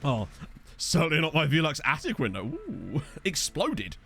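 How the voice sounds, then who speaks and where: Animated male streamer, fairly high voice, swings up and down a lot in pitch. Casual, rambling and jokey, he chats into a desk mic with faint music underneath. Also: moderate pace, vocal fry. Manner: rambling, jokey, reads out chat messages. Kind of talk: casual live-stream chat over gameplay. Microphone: desk microphone.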